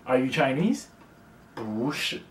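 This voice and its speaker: Slow, patient young man in an echoey room. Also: mid-range voice, very animated, recorded from a distance, slight background noise. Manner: slow, patient, repeats phrases to teach. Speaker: language tutor. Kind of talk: casual video lesson.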